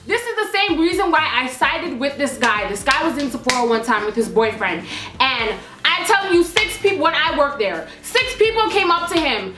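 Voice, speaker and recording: A woman's voice: high-pitched, lively intonation, a little fast, pushed and bright. A young woman telling a storytime vlog in a blunt, sassy, profane ranting manner, in an echoey room with faint music. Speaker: YouTuber.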